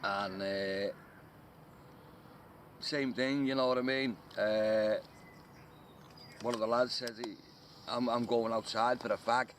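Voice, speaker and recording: An English man in a mid-range voice tells stories in a gruff, dry way. He swears throughout a relaxed chat in the woods. Faint outdoor sound sits behind him. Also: mid-range voice, slow pace, long pauses, a little hiss or hum. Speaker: bushcraft veteran. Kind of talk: casual outdoor banter. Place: outdoors in woodland.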